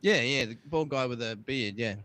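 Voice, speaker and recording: A man's voice: mid-range voice, moderate pace, sharp tone, dry recording. A young man co-hosting a tech podcast, easygoing and full of fillers, reading dates out carefully. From Australia. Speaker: podcast co-host. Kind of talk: casual chat, reading notes.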